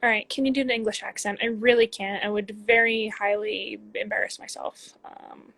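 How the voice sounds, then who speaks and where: Chatty woman with a gravelly, husky voice. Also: medium pitch, level tone, normal speed, pushed and bright. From Canada. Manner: reads questions aloud then answers chattily. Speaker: professional soccer player answering fan questions. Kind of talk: casual livestream Q&A. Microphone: phone.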